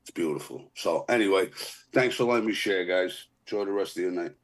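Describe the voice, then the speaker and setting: A man's voice: low-pitched, brisk. A man sharing earnestly and reflectively at a recovery meeting over a video call. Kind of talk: casual recovery meeting share.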